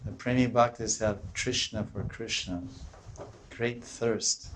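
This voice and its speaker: A man's voice: mid-range voice, steady tone, slow pace, a bit bright, a little hiss or hum. A man lecturing at length on devotional scripture. His talk circles and restarts as he hunts for terms. When he quotes the longing devotees of his stories, his voice climbs into a pleading cry. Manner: restarts and searches for words.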